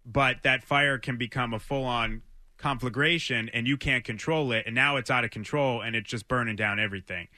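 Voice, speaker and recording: Bright-voiced radio co-host, articulate. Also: male voice, mid-range voice, no room sound, studio quality. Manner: articulate, measured analysis. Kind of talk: sports talk radio.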